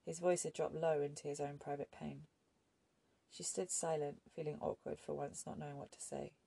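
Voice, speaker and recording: A woman narrating an audiobook in a measured, even storytelling manner. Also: low-pitched, creaky, slightly rough.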